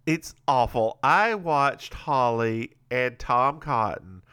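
Giggly guy doing a tv recap podcast, bright voice, talks kinda slow. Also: medium pitch, smooth. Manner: campy, giggly, acts out quotes. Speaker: podcast co-host. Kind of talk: casual recap chat.

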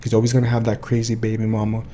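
A young man co-hosts a casual podcast, his voice dark and mellow. He tells stories in an animated way, acting out each scene, with Spanish words slipping in. A faint hiss sits under the recording. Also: lowish voice, racing. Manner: drops Spanish phrases. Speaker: podcast co-host.

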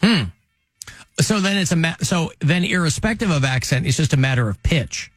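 A man hosting a radio talk show, chatting casually with rambling, animated asides. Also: fairly high pitch, normal speed, music in the background. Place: radio studio.

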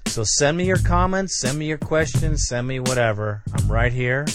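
A man's voice: medium pitch, normal speed. Fired-up man ranting over guitar music. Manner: blunt, sarcastic, fired up. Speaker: podcast host. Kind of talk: angry podcast rant.

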